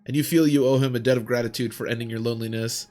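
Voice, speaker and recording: A man reading aloud as a perceptive young female seer from a fantasy game, calm and steady. He keeps his own ordinary middle pitch rather than acting her voice. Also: rapid-fire, soft background music, lightly acted. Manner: plain read-aloud of game text.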